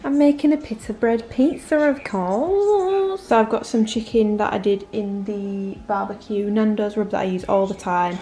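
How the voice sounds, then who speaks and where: A woman's voice: mid-range voice, lively intonation, normal speed, warm tone. A young woman in her early twenties with an English accent, chatting casually and rambling in a home vlog, filling her talk with lots of "like". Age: early 20s. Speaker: fitness vlogger.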